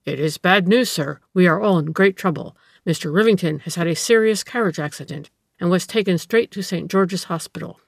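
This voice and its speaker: A respectful male servant delivering bad news at the door, formal and deferential, as a woman reading a story puts him on. The voice sits fairly low and sounds close and dry. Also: brisk, creaky, dry recording. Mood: grave, deferential. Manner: deferential, says sir.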